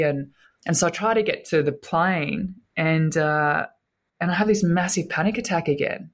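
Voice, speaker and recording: A woman's voice: on the low side, normal speed. Earnest woman sharing a personal story. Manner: earnest, emotional, repeats words. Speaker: guest.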